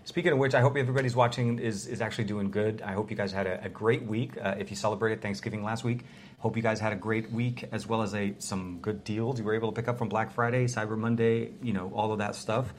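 A man's voice: on the low side, fairly even intonation, quick pace. A man co-hosting a casual tech podcast from a small hotel room, rambling and restarting with lots of fillers. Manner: rambling, restarts often, many "um"s. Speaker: podcast co-host.

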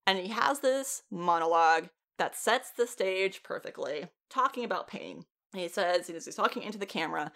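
A woman co-hosting a podcast, recapping a TV show in casual, animated chat, swearing freely and laughing often. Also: mid-range voice, moderate pace, hardly any pauses. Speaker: podcast co-host.

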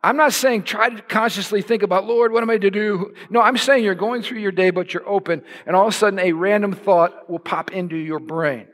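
A male pastor preaching a sermon with passion, building to shouts for emphasis. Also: sits high, fairly quick, few pauses. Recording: long hall reverb.

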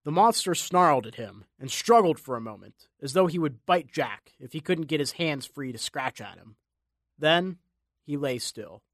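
A man narrating an audiobook in a measured, dramatic storytelling manner. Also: fairly high pitch, fairly bright tone, no echo, clean studio sound. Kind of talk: scripted narration.

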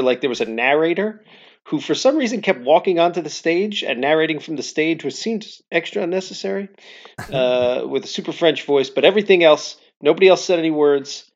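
Animated male podcast co-host, lo-fi sound. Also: fairly high pitch, fairly quick. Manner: animated storyteller, laughs often. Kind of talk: casual chat.

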